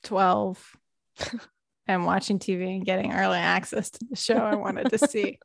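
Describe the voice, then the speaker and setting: A woman from the western United States co-hosting a podcast, playful and quick to laugh. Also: mid-range voice, steady tone, vocal fry, dry recording, clean studio sound. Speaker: podcast co-host. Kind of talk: casual chat.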